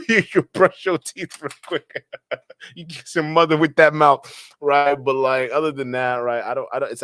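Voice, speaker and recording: A man talks loosely to his stream audience, laughing often and stumbling into repeated words. His voice sits at an ordinary pitch, recorded dry and close with no echo. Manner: slangy, laughing, repeats himself. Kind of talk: casual chat reading viewer comments.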